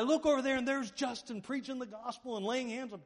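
Very high-voiced and fast-talking, this pastor barely pauses, and a long reverb tail hangs on his words. His sermon is packed with animated stories in which he acts out everyone's voices.

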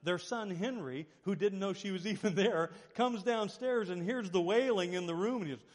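He's a pastor giving a sermon, his voice pitched high and moving at a normal speed with hardly any pauses. A long reverb tail follows him as he animatedly tells stories and voices the people in them.

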